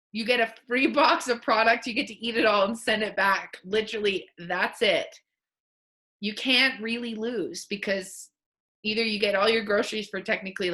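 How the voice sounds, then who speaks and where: Woman on a team video call, bright sharp voice, chatty emotional coaching. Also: on the high side. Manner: emotional, candid storytelling with many fillers. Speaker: team leader coaching her sales team.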